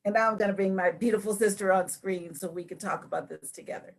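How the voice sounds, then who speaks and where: A woman hosting a Bible study, teaching with lively storytelling and acted-out voices. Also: mid-range voice, fast. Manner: acts out scripture figures with lively voices.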